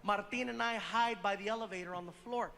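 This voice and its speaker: A man telling a stand-up story, animated and acting out voices. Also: high voice, fairly quick, creaky, in a large hall, a little hiss or hum. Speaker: stand-up comedian.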